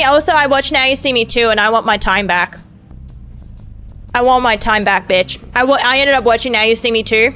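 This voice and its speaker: A woman's voice: fairly high pitch, brisk, bright, forceful tone, clean tone, faint music behind. A young adult woman streaming a game, chatting casually in a rambling, profane, self-mocking way. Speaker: VTuber streamer. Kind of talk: casual gameplay stream chat.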